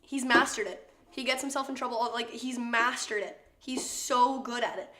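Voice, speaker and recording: Chatty young woman streamer, slightly high voice, roomy kitchen sound. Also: fairly even intonation, normal speed, sharp tone. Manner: chatty, laughing, swears freely. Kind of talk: casual chat while cooking. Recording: echoey room.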